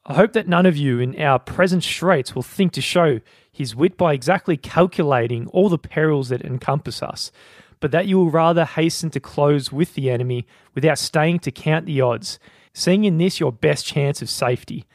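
A man's voice: on the high side, moderate pace, no room sound, studio quality, natural voice. A man voicing an ancient general giving a grand, declaiming speech to his soldiers in a put-on accent. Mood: rousing.

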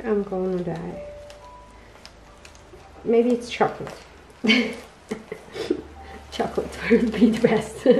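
Slow-talking woman, gushing and teary. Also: medium pitch, warm tone, a little hiss or hum, poor audio. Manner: gushing, searching for English words. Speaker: papercraft vlogger. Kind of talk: casual unboxing chat. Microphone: tablet microphone.

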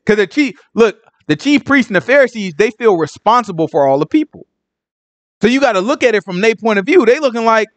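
A man's voice: high voice, fairly quick, no echo. A man teaching the Bible in a casual, slangy way, acting out the people in the story as he goes. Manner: slangy, animated, acts out characters.

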